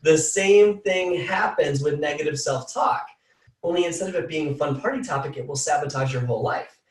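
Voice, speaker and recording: A man giving an energetic motivational coaching talk, repeating phrases for emphasis. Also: on the high side, brisk, reverberant, recorded from a distance. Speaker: team call speaker.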